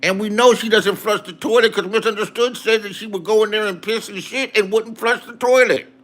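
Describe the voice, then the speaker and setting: A man's voice: sits high, steady tone, a little fast, a bit bright. A man in a profane, angry rant to his viewers, repeating insults. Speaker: online streamer.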